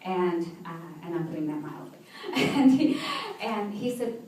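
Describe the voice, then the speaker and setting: A woman's voice: lowish voice, moderate pace, few pauses, a little mellow, slight background noise. A woman giving an inspirational talk to a live audience, telling personal stories and often laughing. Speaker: motivational speaker. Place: event hall with seated audience. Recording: echoey hall, voice from far off.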